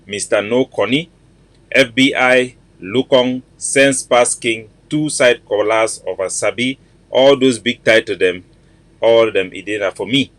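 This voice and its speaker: Male host with a Cameroonian Pidgin accent, medium pitch, formal and declamatory, dry close recording. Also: measured pace, fairly bright tone, no room sound, low-quality recording. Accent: Cameroonian Pidgin English. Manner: formal declamatory delivery, piling up titles. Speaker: host of a political broadcast. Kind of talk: address to listeners.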